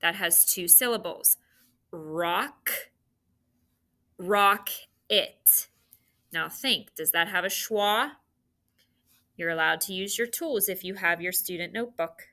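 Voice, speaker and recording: A woman teacher dictating spelling sounds and words to students, with slow, clearly enunciated delivery. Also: on the low side, pushed and bright.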